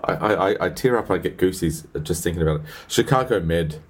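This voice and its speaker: A man's voice: sits low, lively intonation, fairly quick. A man co-hosting a podcast in casual chat, gushing and theatrical, with many hesitant fillers. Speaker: podcast co-host.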